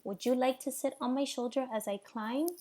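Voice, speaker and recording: A woman voicing a calm, polite female robot who speaks formally and carefully. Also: high voice, moderate pace, natural voice.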